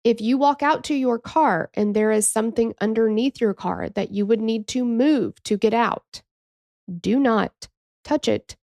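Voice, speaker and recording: A woman's voice: fairly high pitch, a little slow, a little mellow, dry recording, studio quality. A woman in her thirties hosting a true crime podcast, telling the story in a chatty, emotional way with asides and acted-out quotes. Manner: acts out quoted people in a shifting voice.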